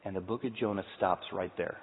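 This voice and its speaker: A male pastor preaching a sermon, telling the story in an animated way and moving between loud and quiet passages. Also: low voice, fairly quick, slight background noise. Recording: tinny sound, long hall reverb.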